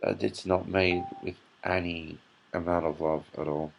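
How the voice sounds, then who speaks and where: Very deep, gravelly hungover man ranting. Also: flat delivery, a little slow, soft background music. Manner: irritable, swearing, sighing rant. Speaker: vlogger. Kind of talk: ranting running commentary.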